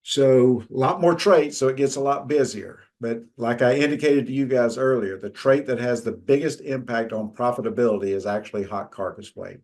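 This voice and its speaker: A middle-aged man presents a talk from his slides. His pitch sits in the middle of the male range, and his delivery is plain and conversational, with restarts and filler words. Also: moderate pace, few pauses, darkish tone. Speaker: extension lecturer.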